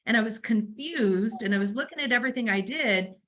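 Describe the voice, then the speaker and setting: A woman delivers a real estate training talk in a bright, somewhat high voice. She is conversational, leans on fillers, and brings her stories to life by voicing each side of the dialogue. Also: a little fast, poor audio. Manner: storytelling, acts out dialogue; conversational, uses fillers like um and right.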